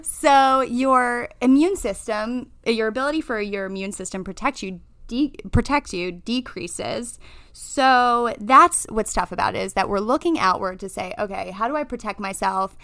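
A woman therapist co-hosting a podcast, explaining ideas in a calm, steady way and often checking in with "right?". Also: on the high side, moderate pace, no room sound. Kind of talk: casual chat.

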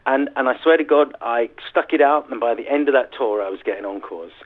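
A man's voice: mid-range voice, a little fast. A middle-aged man from Sussex, a musician guest telling chatty, self-mocking stories in an interview over the phone. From Sussex, England. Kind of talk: interview anecdotes. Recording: tinny phone line.

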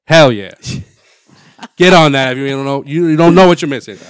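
A man co-hosting a podcast, relaxed in casual chat and running the news recap segments. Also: medium pitch, moderate pace, clean tone, dry recording, clean studio sound. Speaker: podcast co-host.

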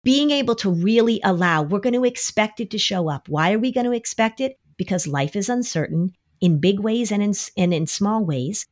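A woman's voice: mid-range voice, animated, normal speed, few pauses, darkish tone. A woman explaining an approach to anxiety on a podcast in a conversational way, often acting out worried voices as quotes. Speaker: anxiety expert.

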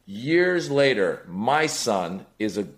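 A man's voice: mid-range voice, slow. A middle-aged man, a comedian guest, telling comic stories on a podcast and acting out the voices of the people in them. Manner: animated, acts out voices, rising excitement.

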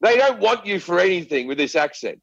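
A man's voice: high-pitched, sing-song, a little fast, gravelly, a bit bright, no echo, lo-fi sound. A middle-aged Australian man on a podcast, ranting and swearing with lots of stammered restarts. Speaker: guest comedian. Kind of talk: casual podcast chat.

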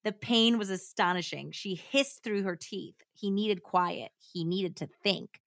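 Speaking a little slowly in a creaky, fairly bright mid-range voice, a woman host reads a true crime story aloud and performs its dialogue. She breaks off for casual chat and jokes, recorded dry and clean in a studio.

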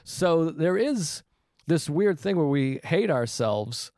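A man's voice: fairly high pitch, animated, a little mellow, no room sound, clean studio sound. A man who is a comedian in a casual chat, speaking frankly and confessionally, swearing often and mixing jokes into his points. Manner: frank, profane, confessional and quick to joke.

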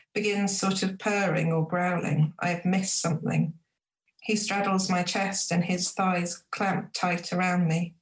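Woman author, lowish voice, reads her own novel slowly, echo on the room. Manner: measured, reflective reading. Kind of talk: book reading and interview. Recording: roomy echo.

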